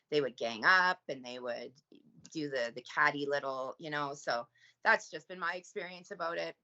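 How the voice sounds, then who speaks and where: A Canadian woman with a low, bright, forceful voice speaks earnestly in relaxed conversation, leaning on fillers. The audio is slightly dull and lo-fi. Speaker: podcast guest. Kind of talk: casual chat.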